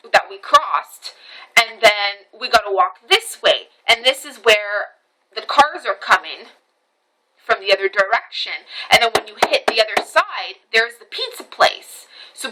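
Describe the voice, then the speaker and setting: A woman's voice: fairly high pitch, poor audio. A woman recording a casual storytelling vlog on her camera phone, recounting events animatedly with many restarts, repetitions and swearing. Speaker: vlogger.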